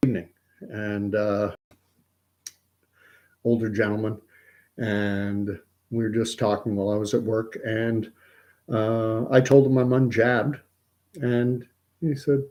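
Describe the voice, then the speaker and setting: A man's voice: lowish voice, level tone, takes it slowly, pauses often, darkish tone. A middle-aged man from Canada, hosting casual commentary in a rambling way with many restarts and repeated words. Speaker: host.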